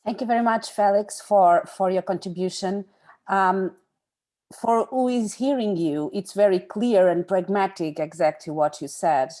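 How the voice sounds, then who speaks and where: A woman from Portugal, moderating a conference panel in a halting way with many fillers. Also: medium pitch, warm tone.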